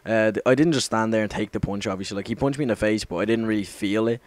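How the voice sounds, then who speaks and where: A man's voice: lowish voice, fast talker, no room sound. A young man telling a story casually over gameplay, rambling, swearing a lot and correcting himself as he goes. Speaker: gaming commentator.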